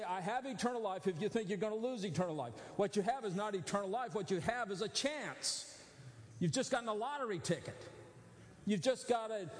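High-voiced preaching man in a reverberant hall. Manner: conversational teaching, asks listeners to follow along. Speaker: pastor. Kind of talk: sermon. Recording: long church hall reverb.

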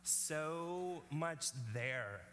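Man, pastor, sermon, bright forceful voice, slightly high pitch, reverberant hall, faint hum. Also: animated, extremely slow. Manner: earnest, conversational preaching with frequent "okay?".

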